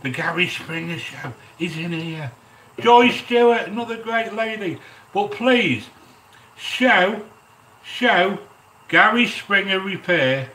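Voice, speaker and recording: A middle-aged man hosting a live-stream cooking chat, talking straight to his viewers and giving them shout-outs. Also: sits high, animated, slow, far from the mic. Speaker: cooking channel host. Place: home kitchen. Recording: echoey kitchen, speaker off-mic. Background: frying and sizzling in the pan.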